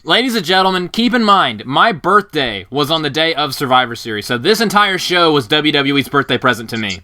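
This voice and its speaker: A man's voice: a little high, sing-song, fairly quick, sharp tone. A man co-hosting a podcast, trading crude jokes with his co-hosts. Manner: crude, joking. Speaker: podcast co-host. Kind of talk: casual podcast chat.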